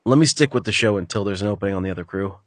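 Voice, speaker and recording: A man gives an earnest young jock a slightly low, eager and persuasive voice in an audiobook. The sound is dry and close to the mic. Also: racing, no room sound, lightly acted. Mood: pleading. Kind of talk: audiobook character voice.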